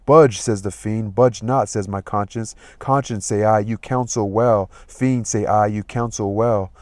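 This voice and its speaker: A man's voice: on the low side, fairly even intonation, a little slow, no room sound, close to an everyday voice. A man voicing a comic young male servant, reading the old lines plainly and then retelling them in everyday speech. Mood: torn. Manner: reads old verse plainly, then retells it in modern slang.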